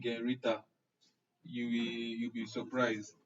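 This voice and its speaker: On a muffled, distant live stream with a bit of hiss or hum, a young Nigerian man teaching an online class chats casually and jokes while naming the commenters he answers. His medium-pitched voice stays steady at a normal speed.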